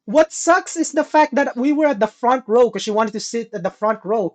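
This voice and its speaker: A young man on a casual podcast, telling an animated story. He laughs often and swears freely. His voice sits mid-range for a speaker like him. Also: very high voice, moderate pace, hardly any pauses. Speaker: podcast co-host.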